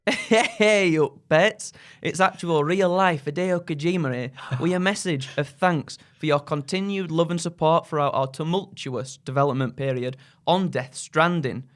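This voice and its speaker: Man doing a Yorkshire-accented game designer impression, cheeky, rambling, slightly high voice, mock-sincere. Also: moderate pace, a bit bright, close to an everyday voice. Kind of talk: comedy impression in a recorded message.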